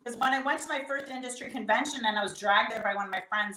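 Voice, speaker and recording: A middle-aged woman speaks as an interview guest, candid and animated, often slipping into acted-out quotes. Her voice sits a little high. The room around her is noticeably echoey. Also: fast talker, hardly any pauses. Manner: lively, candid storyteller, acts out quotes. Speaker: guest, event company founder. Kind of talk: conversational interview.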